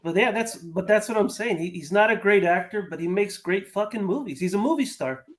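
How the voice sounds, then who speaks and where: Man with a high voice who jumps in eagerly with his points. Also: animated, a little fast. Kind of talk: casual group chat.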